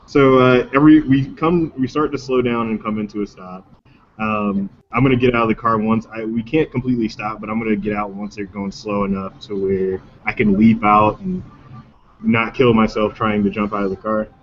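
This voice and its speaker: A man's voice: lowish voice, fairly even intonation, normal speed. A man playing a tabletop game, urgently declaring what his character does. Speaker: player. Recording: dull lo-fi recording, faint noise.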